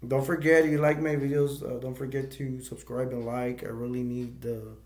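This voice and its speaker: A man's voice: medium pitch, level tone, moderate pace, a little mellow. Rambling man recapping a film plot. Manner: rambling, searching for words. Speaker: movie review channel host. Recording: echoey room.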